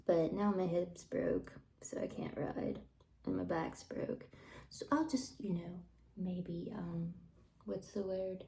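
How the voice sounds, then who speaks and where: Slow, gravelly-voiced woman telling stories. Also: fairly low pitch, fairly even intonation, low-quality recording. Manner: rambling, drops into soft whispered asides. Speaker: vlogger telling personal stories. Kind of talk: casual storytelling monologue.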